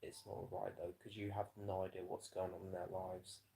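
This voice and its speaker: A British man with a fairly low, gravelly voice talks to his live stream in a loose, rambling way. He swears freely and keeps dropping in "you know" as he goes. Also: completely flat delivery, moderate pace, dark tone, low-quality recording. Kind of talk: rambling casual livestream chat.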